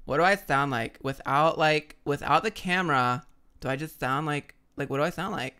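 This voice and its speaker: A man voicing a bubbly, ditzy young Valley Girl woman, gushing with a drawn-out, sing-song Valley Girl accent. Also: a little high, sharp tone, clean tone. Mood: airy bragging. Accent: Valley Girl put-on.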